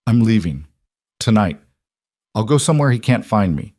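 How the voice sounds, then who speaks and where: A man's voice: lowish voice, very animated, normal speed, a little mellow, no echo, studio quality. A man voicing a frightened, pleading younger sister in a spoken story. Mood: desperate. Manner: pleading, breaking. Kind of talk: audiobook storytelling.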